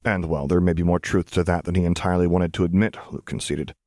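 A man narrating a fan fiction audiobook in a steady, even reading. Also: sits low, fast, no room sound, clean studio sound.

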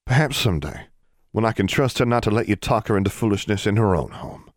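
A man's voice: lowish voice, lively intonation, fast, no room sound, clean studio sound, natural voice. A man reading a stern caring older woman. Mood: serious. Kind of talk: audiobook character reading.

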